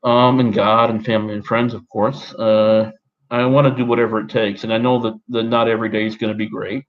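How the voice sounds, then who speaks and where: A fairly low-voiced man in his thirties from Australia speaks in a put-on American accent, halting and rambling through a personal talk with many restarts. The recording is a bit dull and muffled. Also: level tone. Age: 30s. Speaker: vlogger.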